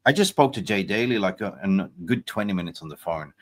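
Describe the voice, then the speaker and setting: A man hosts a live fan show in a lively, chatty way. His pitch swings widely as he talks, and he keeps cutting in on his guests. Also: brisk. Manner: chatty, interjecting, animated. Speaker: host.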